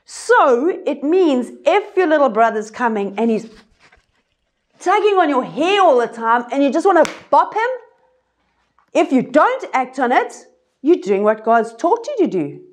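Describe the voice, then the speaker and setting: A woman telling children a Bible story in an expressive way, acting out voices and sound effects. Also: high voice, measured pace. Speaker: children's ministry teacher. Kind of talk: animated Bible lesson for kids.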